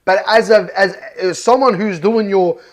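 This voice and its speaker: Australian male fan vlogger, high-pitched, fired up, swears, emphatic ranting review. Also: fairly even intonation, normal speed. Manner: worked up, swears often, punchy and emphatic. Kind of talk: heated match review rant.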